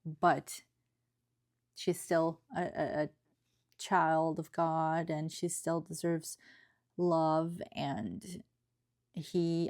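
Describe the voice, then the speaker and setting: A woman's voice: low voice, creaky, a little mellow. A woman giving an earnest, emotional book review in a casual, chatty way, often checking in with tag questions.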